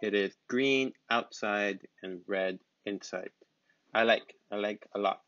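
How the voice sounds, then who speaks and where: Slow, patient man teaching words. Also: fairly low pitch, fairly bright tone, no echo. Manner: repeats words slowly and patiently. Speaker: English teacher. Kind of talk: slow, simple vocabulary lesson. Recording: dull, lo-fi sound.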